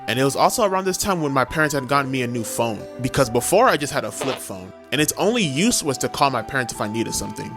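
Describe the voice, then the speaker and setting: A man's voice: mid-range voice, sing-song, quick pace, few pauses. A young man in his twenties telling a funny childhood story in a slangy, emphatic way, with music behind him. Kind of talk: storytime vlog. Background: background music.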